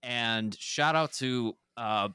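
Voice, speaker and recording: A man's voice: mid-range voice, takes it slowly, sharp tone, clean tone, no echo, studio quality. A man guesting on a podcast, telling a story in casual, rambling talk full of fillers and swearing. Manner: rambling, profane, many fillers.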